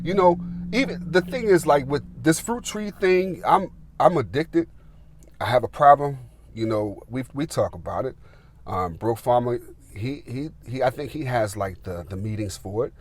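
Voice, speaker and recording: A man's voice: medium pitch, animated, moderate pace. A man, telling a rambling, filler-heavy story as a gardening vlogger. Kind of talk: casual storytelling.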